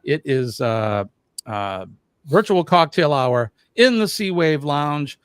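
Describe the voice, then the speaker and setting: A man co-hosting a casual livestream chat, lively and quick to laugh. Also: fairly high pitch, clean tone, no echo, clean studio sound. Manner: lively, laughs often, drawn-out banter. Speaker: livestream co-host.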